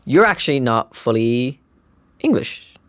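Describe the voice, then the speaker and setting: A young man with a Dublin Irish accent hosts a casual podcast. He rattles through his stories at a quick clip and swears as he goes. The sound is dry and close. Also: mid-range voice, no room sound. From Ireland. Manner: storytelling, animated, swears casually. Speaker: podcast host. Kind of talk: casual chat.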